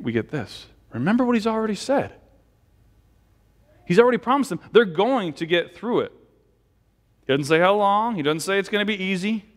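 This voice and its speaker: A man's voice: high-pitched, long reverb tail. A man giving a conversational sermon as pastor, asking the congregation questions and leading a closing prayer. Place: church sanctuary.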